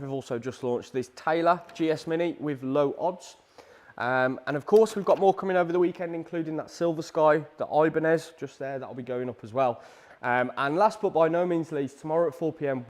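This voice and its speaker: A British man hosting a live prize draw stream, chatty and energetic, with a salesy push and frequent ums. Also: medium pitch. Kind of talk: upbeat live-stream announcements.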